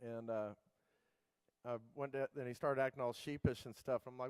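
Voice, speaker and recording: A middle-aged man gives a keynote in a loose, storytelling way, piling up fillers and restarts. His voice is smooth and clear at an ordinary pitch. The sound is dry and close, with almost no room around it. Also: flat delivery, normal speed, no room sound, poor audio. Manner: casual, rambling anecdotes with many fillers and restarts. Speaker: keynote speaker.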